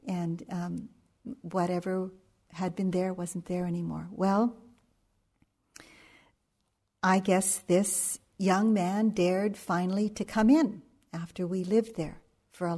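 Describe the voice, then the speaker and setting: A middle-aged woman meditation teacher telling a story in a dharma talk, unhurried and anecdotal, with frequent pauses and fillers. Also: on the low side, fairly even intonation, darkish tone.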